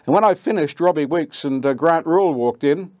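An older Australian man, a veteran radio announcer and voiceover artist, recalls his career with lively storytelling and acts out quoted lines. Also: on the high side, a little fast, no room sound. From Queensland, Australia.

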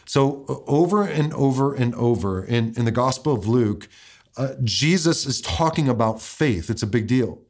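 A male pastor preaching in a loose, everyday manner, stumbling over repeated words as he goes. His voice sits at an ordinary middle pitch, and he slows down to lean on the key lines. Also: expressive, a little mellow. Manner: casual, repeats words and restarts often, slows down to stress quoted verses. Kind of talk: conversational sermon.

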